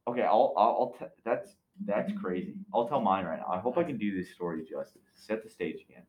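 A man on a podcast telling a spooky story in a casual, excitable way, with lots of fillers and restarts. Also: on the low side, brisk. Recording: roomy echo.

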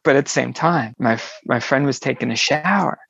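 A woman, an interview guest, telling a personal story in an animated way and acting out the people she quotes. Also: rumbling low, a little fast, vocal fry, husky, dry recording, highs cut off.

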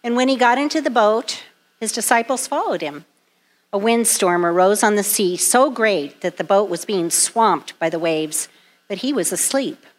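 Woman, mid-pitched voice, reads scripture aloud in church, measured and clear. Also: expressive. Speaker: scripture reader.

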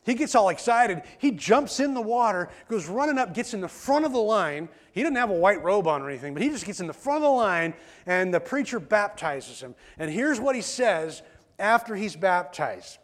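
A man's voice: high voice, animated, a little fast. A male pastor giving a conversational sermon in church, often repeating words as he starts a sentence.

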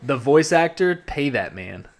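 A man's voice: medium pitch, sing-song, a little slow. A man co-hosting a podcast, bantering casually, teasing his partner and turning earnest about the episode. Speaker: podcast co-host. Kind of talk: casual recap chat.

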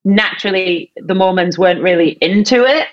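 A woman's voice: medium pitch, moderate pace. A woman co-hosting a podcast, chatty and curious in casual conversation. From Britain. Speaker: podcast co-host. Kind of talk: casual chat. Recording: dull lo-fi audio.

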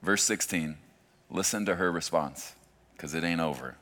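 A man in his forties, a pastor preaching a sermon in a conversational way that swings from hushed to loud. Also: low-pitched, normal speed.

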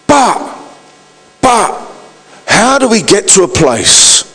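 A male pastor with a high voice delivers a sermon, calling on the congregation to raise their hands and answer back. His voice rings with the long reverb of a large hall. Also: sing-song, slow pace, sharp tone, husky. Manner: preachy, calls out to the congregation for responses.

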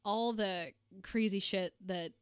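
A woman's voice: medium pitch, slow, clean tone, no room sound, clean studio sound. A young woman co-hosting a podcast, talking in a rambling, casual way with many fillers and laughs. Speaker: podcast co-host. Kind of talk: casual chat.

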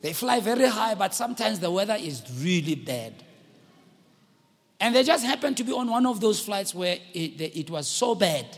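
A man delivers a sermon in a strikingly high, husky voice. He swings between hushed storytelling and loud exhortation with a lively, rising-and-falling pitch. His voice carries a long reverb, as in a large hall. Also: moderate pace. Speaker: preacher.

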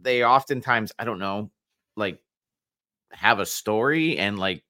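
A man co-hosting a casual podcast chat, talking in halting bursts with repeated words and casual swearing. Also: lowish voice, pushed and bright, dry recording, studio quality. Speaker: podcast co-host.

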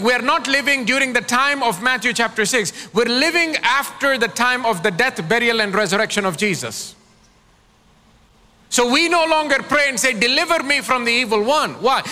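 A man's voice: extremely high pitch, pushed and bright, long reverb tail. A man preaching a sermon as pastor, calling on his congregation to answer back. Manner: preaching with call-and-response prompts to the congregation.

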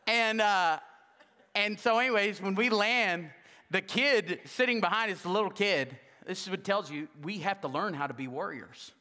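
Animated pastor with a bright, high voice. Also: male voice, moderate pace, big-room sound. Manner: jokey, animated, acts out quoted dialogue. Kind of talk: humorous sermon with storytelling. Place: church sanctuary.

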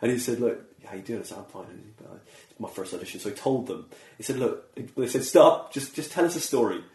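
A man's voice: lowish voice, animated, quick pace, darkish tone. Chatty laughing male host, echoey room. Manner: chatty, laughs often, acts out quotes. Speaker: podcast host. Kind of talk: casual interview chat. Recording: roomy echo.

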